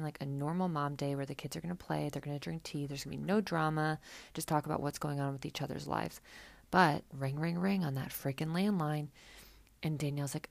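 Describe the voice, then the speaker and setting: A woman's voice: deep voice, creaky. A woman hosting a podcast, recapping a reality show in a chatty, sarcastic, casual way. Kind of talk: casual chat.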